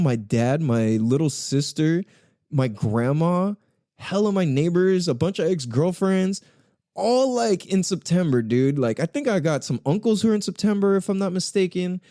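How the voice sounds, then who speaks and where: A man's voice: a little high, dark tone, no echo, studio quality. A man hosting a podcast on his own, rambling in a casual, profane way, with frequent laughs. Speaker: podcast host. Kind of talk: casual solo podcast monologue.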